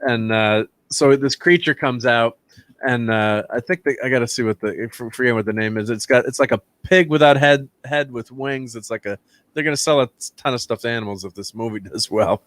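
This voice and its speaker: A man's voice: mid-range voice, moderate pace, fairly bright tone, no echo. Rambling man reviewing a film, dry sound. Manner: rambling, many fillers and restarts, laughs often. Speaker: channel host, film reviewer. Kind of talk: casual film review chat.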